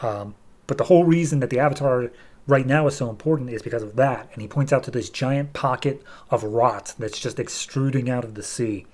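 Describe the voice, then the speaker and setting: A man's voice: mid-range voice, fairly quick, a little mellow. A young adult man with a mid-range voice recaps a comic on his podcast. He speaks loosely and casually, with frequent fillers and restarts. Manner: loose, filler-heavy, acts out dialogue. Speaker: podcast host.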